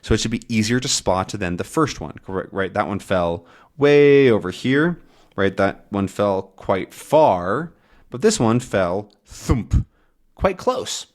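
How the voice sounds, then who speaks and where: A man's voice: fairly low pitch, animated, measured pace, a little mellow. A man teaching English by reading a comic aloud, patiently explaining words and often checking in with "right?".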